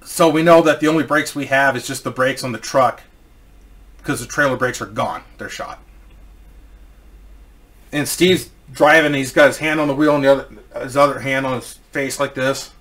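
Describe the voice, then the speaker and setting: A man's voice: mid-range voice, moderate pace, fairly bright tone. A man casually telling a personal story, rambling and swearing, with many restarts.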